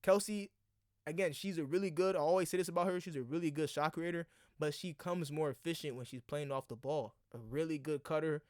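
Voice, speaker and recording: A man giving casual, excited commentary over basketball highlights, full of slang and talking straight to his viewers. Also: fairly quick, dry recording, studio quality. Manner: excited, slangy, addresses viewers as y'all and bruh. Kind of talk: casual sports reaction commentary.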